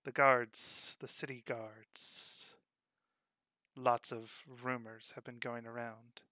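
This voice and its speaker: A man voicing a stressed male town mayor who speaks in a worried, deliberate way in a tabletop game. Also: medium pitch, little pitch movement, bright, forceful tone, dry recording, clean studio sound.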